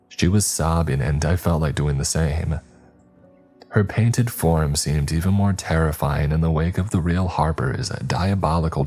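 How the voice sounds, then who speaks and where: Male horror podcast narrator, very deep, husky, measured and dramatic, faint music under. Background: soft background music.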